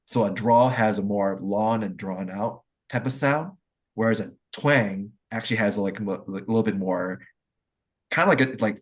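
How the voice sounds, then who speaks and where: A man talks in a casual online discussion, his voice low and a little husky. He explains things loosely and at length, circling back with plenty of "like" and "um" fillers, and sounds like he is on a video call. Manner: rambling, explanatory, heavy use of "like" and "um". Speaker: discussion participant.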